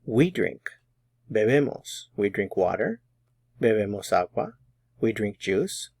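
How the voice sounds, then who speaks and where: A man teaching a Spanish grammar lesson, explaining patiently and methodically, slowing down to model example phrases. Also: fairly low pitch, very animated, a little mellow, husky, dry recording, studio quality.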